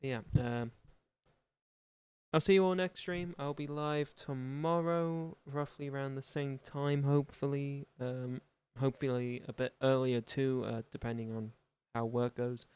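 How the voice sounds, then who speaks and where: A young man signing off his gaming livestream, rambling and self-deprecating, often trailing off into quieter mumbles. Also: medium pitch, little pitch movement, measured pace, hardly any pauses, clean tone. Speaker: gaming streamer. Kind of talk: casual livestream sign-off chat.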